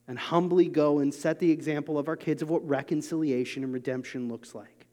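A man in his thirties preaching a sermon in an earnest, confessional way, moving between quiet asides and emphatic urging. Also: on the high side, steady tone, a little fast, few pauses, big-room sound. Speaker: pastor.

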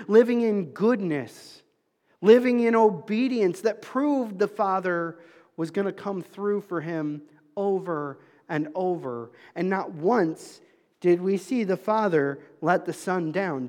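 A man preaching a sermon as pastor, talking conversationally with the congregation and swinging between emphatic calls and soft, low asides. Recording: long hall reverb.

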